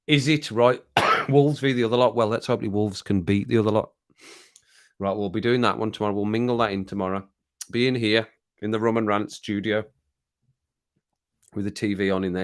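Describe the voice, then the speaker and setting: A middle-aged man with an English Midlands accent hosts a livestream from his home streaming room, chatting casually and rambling to live viewers while chuckling. His lowish voice is steady, a bit bright and clean, at normal speed.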